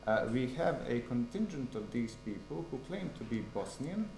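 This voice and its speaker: A PhD candidate defends his doctoral thesis, giving a formal academic answer but sounding hesitant and leaning on frequent fillers. His mid-range voice has a sing-song, creaky, slightly mellow quality at a moderate pace. The room is echoey, with a faint hiss or hum.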